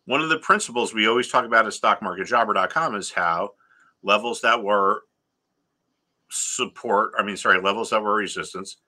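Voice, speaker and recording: A middle-aged man hosting a trading channel, telling a story in an exasperated, lively way before moving on to a stock lesson. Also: lowish voice, normal speed. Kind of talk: casual ranting vlog and trading lesson.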